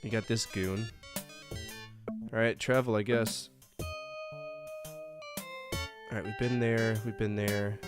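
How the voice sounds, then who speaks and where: A man's voice: lowish voice, level tone, slow pace, long pauses, music in the background. A man playing a detective game, reading its narration aloud and adding wry comments. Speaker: let's-play streamer.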